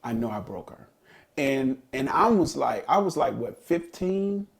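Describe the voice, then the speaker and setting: In a relaxed podcast chat, a co-host, a middle-aged man whose voice has a creaky, gravelly edge, recounts a story from his past. His mid-pitched delivery is sing-song and measured, earnest and reflective throughout.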